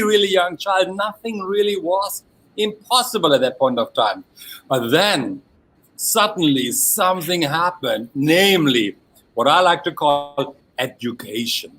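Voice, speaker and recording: A man with a German accent giving a lively workshop talk as a mind coach, often repeating the same filler phrase. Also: on the high side, poor audio. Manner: animated, repeats filler phrase "along that line". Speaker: NLP trainer and coach. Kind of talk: workshop presentation.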